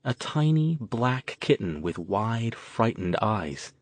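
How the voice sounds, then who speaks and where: A man narrating an audiobook in a steady, even storytelling manner. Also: on the low side, slow pace, no echo. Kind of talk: scripted narration.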